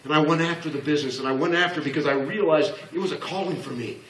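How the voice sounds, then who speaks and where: A man in his sixties races through a blunt, humorous motivational business talk in a voice on the high side with a slightly bright tone, acting out the voices he quotes. He speaks before an audience in a large hall; the echoey recording, made far from the mic, carries a little hiss or hum.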